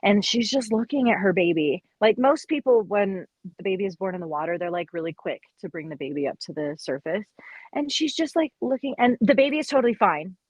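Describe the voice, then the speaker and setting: A woman who works as a midwife, chatting on a podcast and telling stories in an animated way, acting out what people said. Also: medium pitch, brisk, slightly rough, dry recording, rough recording. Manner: animated storyteller, quotes people in lively voices. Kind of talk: casual chat.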